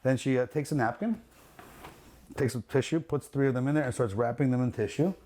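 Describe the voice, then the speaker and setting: A man, a luxury jewelry dealer, telling a story in a casual podcast chat, animated and profane, acting out the quotes and laughing as he goes. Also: medium pitch, brisk, a little hiss or hum. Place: his jewelry store.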